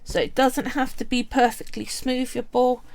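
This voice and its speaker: Woman, slightly high voice, chatty live craft teacher walking through steps. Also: flat delivery, normal speed. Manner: chatty, step-by-step instructing. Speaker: craft livestream host. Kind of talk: live craft tutorial with chat.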